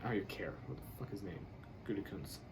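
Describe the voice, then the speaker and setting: A man's voice: lowish voice, animated, quick pace, gravelly, background noise. A man grading football draft picks in a casual commentary, blunt and exasperated, swearing and laughing as he rants.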